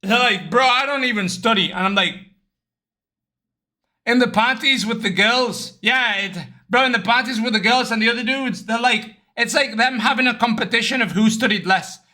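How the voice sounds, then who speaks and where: Bright-voiced young man telling stories. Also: extremely high pitch, normal speed. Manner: animated storytelling, acts out others in raised voice, swears often. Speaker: streamer. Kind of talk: casual livestream chat.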